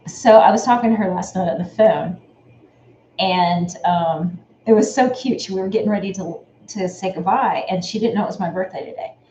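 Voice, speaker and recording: A woman's voice: mid-range voice, moderate pace, warm tone, lo-fi sound. A woman hosting a sewing channel live stream, talking casually and rambling, thanking viewers by name as she goes. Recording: echoey room with faint noise.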